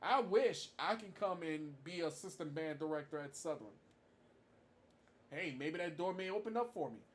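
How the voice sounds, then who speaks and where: Man, high-pitched, emphatic vlog tribute with lots of repetition. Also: expressive, moderate pace, a little hiss or hum. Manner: emphatic, repeats his points for stress. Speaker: marching band fan vlogger. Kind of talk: casual tribute monologue to camera.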